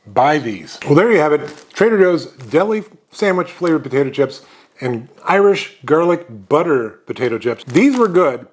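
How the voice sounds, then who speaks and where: A man hosting a snack review show, tasting and describing chips in an upbeat, enthusiastic way with frequent fillers. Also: medium pitch. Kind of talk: casual food review.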